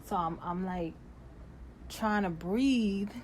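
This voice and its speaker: A young woman telling a personal story in a casual storytime, animated and growing loud and exasperated as she retells events. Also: medium pitch, takes it slowly, slight background noise.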